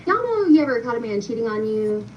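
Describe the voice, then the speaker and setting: A woman's voice: on the high side, very animated, fast. A young woman casually telling a personal story to her viewers, chatty and full of fillers, talking straight to them. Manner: chatty, many fillers, addresses viewers directly. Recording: distant, muffled with faint noise.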